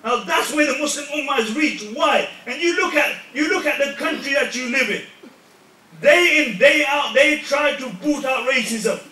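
Impassioned high-voiced preacher in an echoey hall. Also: male voice, distant mic. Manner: impassioned, rising to shouts. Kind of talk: sermon.

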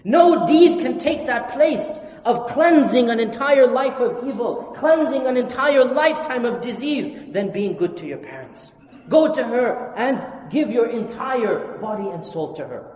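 Impassioned preacher in an echoing hall. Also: male voice, expressive, unhurried, few pauses. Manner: impassioned, swings from loud emphatic stresses to low hushed passages. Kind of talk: sermon. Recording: echoey hall with long reverb.

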